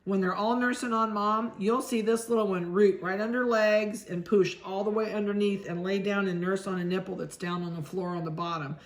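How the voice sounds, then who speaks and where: A middle-aged woman from Ohio, a dog breeder, chatting casually as she handles puppies and talks softly to them. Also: mid-range voice, fairly even intonation, brisk, hardly any pauses.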